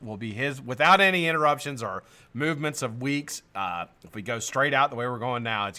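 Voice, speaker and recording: Animated, bright-voiced American man host. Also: medium pitch. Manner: animated, greets viewers by name, swears and laughs often. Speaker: live-stream host. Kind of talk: casual live-stream chat.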